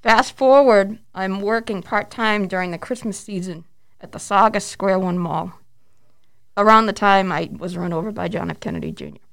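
A woman in her forties telling animated stories as a guest in a casual interview, acting out quotes and laughing often. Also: mid-range voice, normal speed. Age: 40s. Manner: lively, animated storyteller who acts out quotes and laughs often.

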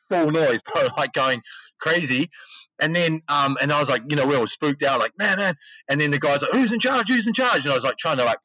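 On a rough recording with no room sound, an esports CEO guesting on a podcast tells a slangy, casual story. His voice runs on the high side, and he animatedly acts out the quotes.

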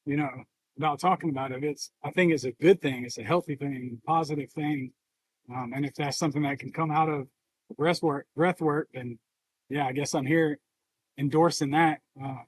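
A man co-hosting a podcast speaks in a reflective, halting way, close to tears. His voice sits a little high for a man. The sound is dry and close, with no room echo. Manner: reflective, halting, open about feelings. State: emotional, near tears. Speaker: podcast co-host. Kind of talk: casual podcast conversation.

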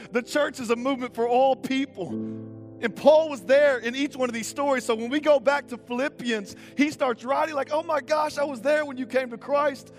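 A young male pastor preaches with a high, bright voice and real passion. He swings from rousing calls down to hushed, intense moments and drops casual slang into the sermon. Faint music plays softly underneath. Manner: impassioned, rising to urgent calls then dropping to quiet intensity.

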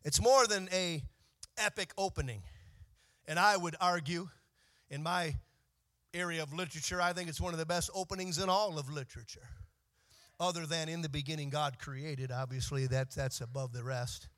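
High, bright-voiced male preacher. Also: moderate pace. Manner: rises from quiet reading to shouted, sing-song preaching. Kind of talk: sermon.

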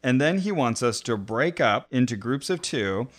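A man in casual podcast chat, recounting a story with frequent laughs. His voice sits at a middle pitch, neither high nor low. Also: animated, moderate pace. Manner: laughs often while telling a story. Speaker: podcast co-host.

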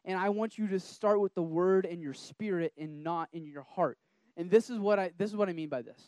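A young man giving a casual, animated sermon to a group, talking in a conversational way with many restarts. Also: sits high, a little fast, clear, resonant tone, no echo. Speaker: preacher.

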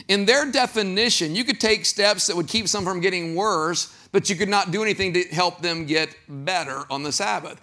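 A pastor with a fairly high voice delivers a lively sermon, performing the voices he quotes and asking the congregation questions.

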